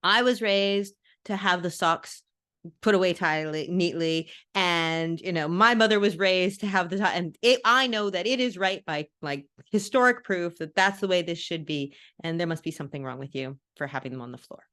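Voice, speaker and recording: A woman's voice: lowish voice, normal speed, a bit bright. A woman hosting a podcast interview, asking rambling, self-correcting questions. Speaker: podcast host. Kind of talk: casual interview.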